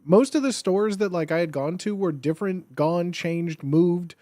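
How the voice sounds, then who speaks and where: A man's voice: high voice, normal speed, mellow, no echo, studio quality. A young man streaming, chatting casually and rambling, with lots of fillers and restarts. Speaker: live streamer reading chat. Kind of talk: casual chat.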